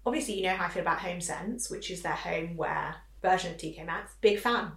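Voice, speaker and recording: A woman's voice: fairly low pitch, vocal fry, distant mic. Chatty woman, roomy and off-mic. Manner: chatty, quick-witted, teasing. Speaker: podcast co-host. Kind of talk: casual chat.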